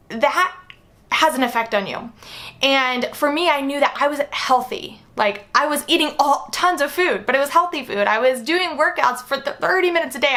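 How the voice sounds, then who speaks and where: A woman's voice: high-pitched, bright, forceful tone. A young woman sharing fitness advice straight to the viewer, earnest and encouraging. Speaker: fitness coach. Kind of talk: direct-to-camera advice talk.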